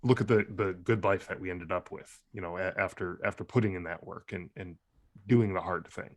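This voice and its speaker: A man hosting a podcast, speaking thoughtfully in a halting way and often repeating words as he works out his point. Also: deep voice, fairly even intonation. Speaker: podcast host. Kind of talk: casual conversation.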